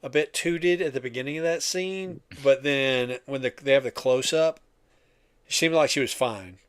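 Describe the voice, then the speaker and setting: A man's voice: mid-range voice, smooth, no room sound, clean studio sound. Jokey older man co-hosting a podcast. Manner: jokey, quick to laugh. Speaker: podcast co-host. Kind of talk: casual chat.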